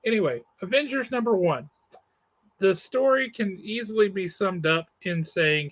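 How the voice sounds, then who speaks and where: A man's voice: high-pitched, animated, moderate pace, a bit bright, dry recording, dull audio. A man hosting a comic shop podcast over a video call, chatting casually and reviewing comics in an easygoing, self-correcting way.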